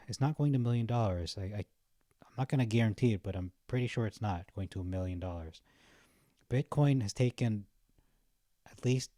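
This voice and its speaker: Casting note: young male vlogger, chatty and easygoing, low mellow voice, dry close sound. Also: no echo. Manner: chatty, laughs at his own jokes, frequent fillers. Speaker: stock market vlogger. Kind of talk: casual rambling commentary while browsing.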